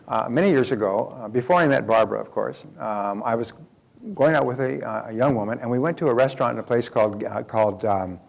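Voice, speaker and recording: At a seminar, an older motivational speaker spins a story loosely and folksily, stumbling through fillers and restarts. His voice is mid-range, creaky, and slightly mellow.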